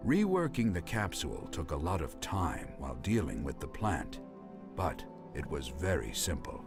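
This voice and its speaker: A man voicing a reclusive male scientist reading diary notes in a video game, in a flat, unacted script-reading manner. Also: very deep voice, moderate pace, music in the background, heavily acted.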